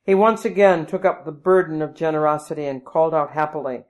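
A woman narrating a storybook in a measured, even way. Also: sits low. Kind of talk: storybook reading.

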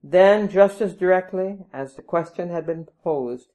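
Woman narrator for a storybook, low-pitched, measured and even delivery. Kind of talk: storybook reading.

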